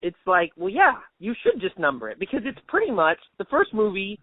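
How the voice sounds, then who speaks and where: A man who teaches high school, co-hosting a podcast in a relaxed chat, laughing easily and hedging with fillers. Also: fairly quick, no echo. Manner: easygoing, laughs often, many fillers. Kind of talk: casual chat. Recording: tinny phone-like sound, dry.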